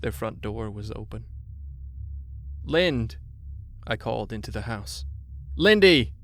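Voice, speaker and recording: A man narrating a horror story in a measured way, slowing down on grim details. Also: on the low side, monotone, a little hiss or hum.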